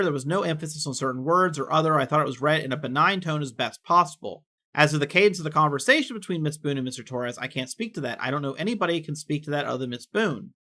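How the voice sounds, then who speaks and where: A man reading court records aloud with casual commentary, quick and offhand, dropping in personal asides. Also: fairly high pitch, pushed and bright.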